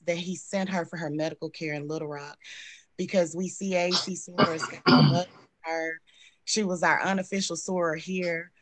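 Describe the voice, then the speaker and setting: A woman sharing a heartfelt tribute as a guest, warm and expressive, acting out the dialogue in her story. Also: on the low side, dry recording.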